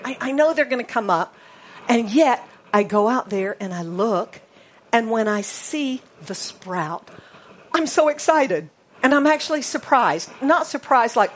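An American woman preaching a sermon in a playful way, spelling words out letter by letter and dropping to a hushed voice for emphasis. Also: medium pitch, slight background noise. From United States.

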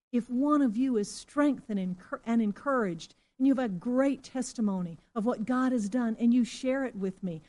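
A middle-aged woman pastor from Singapore preaches to her congregation, telling a story at a middling pitch. She keeps asking her listeners questions and now and then rises into loud exclamations. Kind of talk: sermon.

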